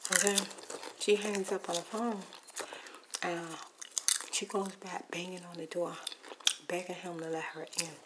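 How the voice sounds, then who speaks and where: A woman's voice: fairly low pitch, little pitch movement, a little slow, pauses often, heavy background noise. Whispering woman telling gossip while munching. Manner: rambling, gossipy, shifting between whisper and soft speech. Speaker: ASMR storyteller. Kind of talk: whispered ASMR storytime while eating popcorn.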